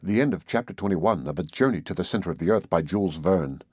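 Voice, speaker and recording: A man reading a classic novel aloud as audiobook narration, in a measured, even delivery. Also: deep voice, husky, no room sound, studio quality. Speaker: audiobook reader. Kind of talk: scripted narration.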